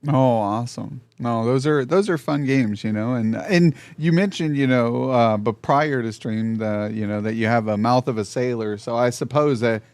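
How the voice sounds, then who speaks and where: A man's voice: medium pitch, moderate pace, few pauses, darkish tone, no echo. Chatty middle-aged man, dry close sound. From Tennessee. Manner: rambling, chatty, many fillers. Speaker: podcast host. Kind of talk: casual interview chat.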